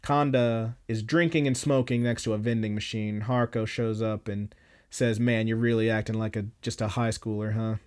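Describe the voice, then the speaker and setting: A man's voice: fairly low pitch, level tone, moderate pace, darkish tone, clear, resonant tone. Casual man recapping an anime. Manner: loose and profane, many fillers. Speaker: podcast host.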